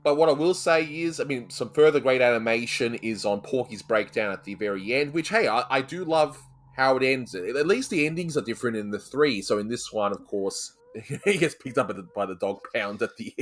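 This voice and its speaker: A man hosts a relaxed podcast conversation, reviewing an old cartoon. He talks at a middling pitch in a chatty, stop-start way, restarting phrases and laughing easily. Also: brisk. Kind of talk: casual chat.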